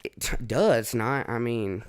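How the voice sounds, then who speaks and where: A man's voice: medium pitch, expressive, moderate pace, clean tone, no room sound, clean studio sound. A man hosting a podcast, chatting casually in a joking, profane way. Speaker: podcast host.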